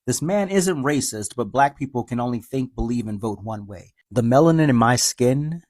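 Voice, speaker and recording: A man giving sarcastic reaction commentary with deadpan, drawn-out retorts. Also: medium pitch, dry recording, studio quality.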